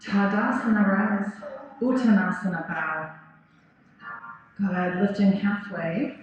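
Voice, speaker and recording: A woman leading a yoga class, giving calm, encouraging cues and praise. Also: medium pitch, takes it slowly. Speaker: yoga teacher. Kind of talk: guided yoga class instruction. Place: yoga studio. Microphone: 360 camera in the room. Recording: roomy, slightly dull recording with faint music.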